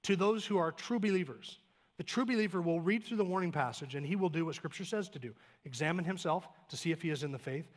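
A male pastor delivers a sermon at a fast clip, his voice sitting a bit high. He drives points home with runs of short emphatic phrases, then drops into easy, joking asides. The sanctuary adds a long reverb tail. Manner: emphatic, building lists of short clauses; plain conversational asides with light humor. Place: church sanctuary.

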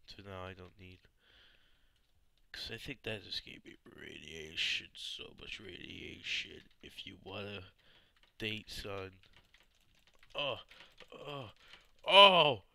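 A man giving excitable let's play commentary on his gameplay. He swears and yells at the zombies as he plays. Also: sits low, slow pace, creaky, long pauses.

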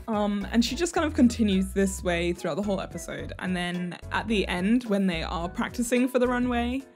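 A woman's voice: mid-range voice, animated, a little fast, darkish tone, soft background music. A woman vlogger chatting casually, giggling often as she talks. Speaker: fashion vlogger. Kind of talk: casual chat.

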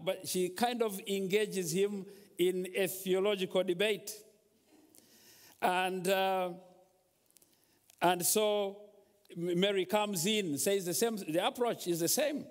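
A man with a fairly high, slightly slow voice preaches as a guest in a large church hall, where long reverb trails his words. He tells a story, then builds toward exhortation, urging the congregation to speak to their troubles.

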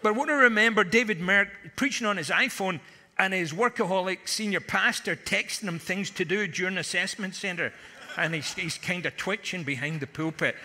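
Man preaching, high voice, very bright tone, humorous storytelling, long hall reverb. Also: normal speed. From Scotland. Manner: humorous storytelling with punchy asides. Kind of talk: conference sermon. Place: large conference hall.

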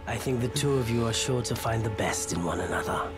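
An actor playing a refined, gently mocking male mage in a video game, speaking softly and slowly. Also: medium pitch, animated, lightly acted. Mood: wry. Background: game music.

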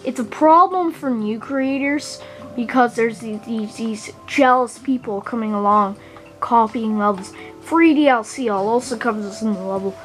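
A woman hosting a gaming channel, giving gameplay commentary in a halting, earnest way and often repeating words as she complains. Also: on the high side, soft background music.

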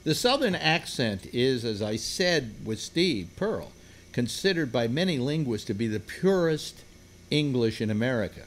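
An older man hosts a loose on-air chat, his voice rising and falling in a lively way. He rambles, pausing on fillers and restarting his sentences. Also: medium pitch, a little hiss or hum. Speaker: radio host. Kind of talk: casual group chat.

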